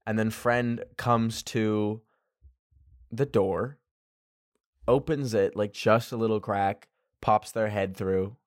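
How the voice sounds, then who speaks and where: A young man from Canada casually telling a personal story, animated, laughing often and swearing casually. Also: lowish voice, slow, pauses often, no room sound, studio quality. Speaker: vlogger.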